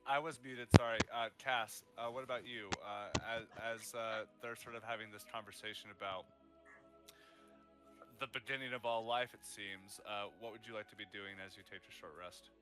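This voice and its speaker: A man running a tabletop game as game master, narrating in a relaxed, descriptive way. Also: fairly low pitch, moderate pace, over loud music. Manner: relaxed, descriptive, with many fillers.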